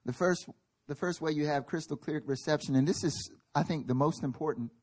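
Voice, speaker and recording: A man's voice: a little high, fairly quick, a little mellow. A male pastor preaching a sermon at a church service, emphatic and building in intensity, acting out little quoted voices.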